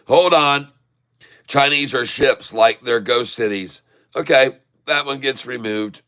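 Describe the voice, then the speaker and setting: A man's voice: mid-range voice, slow pace, fairly bright tone, smooth. A man hosting a casual day-trading livestream, chatty and joking, talking to his chat. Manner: joking, chatty, laughs often. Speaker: livestream day-trader host.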